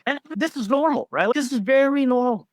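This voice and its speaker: A man's voice: extremely high pitch, fairly quick, dry recording, clean studio sound. A man in his forties, a healthcare executive guest telling stories with enthusiasm. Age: 40s. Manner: enthusiastic storyteller, agreeable. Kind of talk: casual interview chat.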